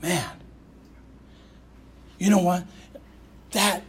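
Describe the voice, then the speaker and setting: A man's voice: on the high side, lively intonation, normal speed, fairly bright tone. A middle-aged man with a Southern US accent giving a raw, blunt personal talk about recovery, swearing freely. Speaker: recovery speaker.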